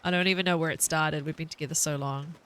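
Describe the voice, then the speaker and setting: A woman's voice: sits low, fairly even intonation, fast talker, fairly bright tone, no echo. A woman in her thirties with a New Zealand accent, chatting casually and laughing while streaming a game. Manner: chatty, rambling, laughs often.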